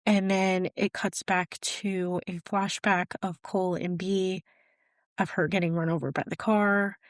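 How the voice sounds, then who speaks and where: A woman's voice: lowish voice, level tone, unhurried, no echo, studio quality. A young adult woman hosting a podcast, casually recapping a film in a chatty way full of fillers. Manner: chatty, leans on fillers like "basically" and "type of thing". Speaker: podcast host.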